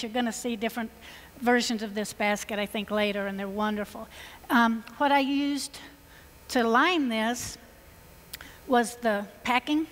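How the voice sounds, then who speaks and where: Woman, Georgia Southern accent, enthusiastic stage demonstrator, slightly high voice, long reverb in a large hall. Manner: chatty, enthusiastic, folksy. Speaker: floral designer presenting on stage. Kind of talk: live stage design demonstration.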